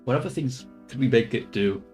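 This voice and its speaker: A man's voice: medium pitch, brisk, darkish tone, soft background music. A man in casual chat, testing AI voices, rambling and swearing.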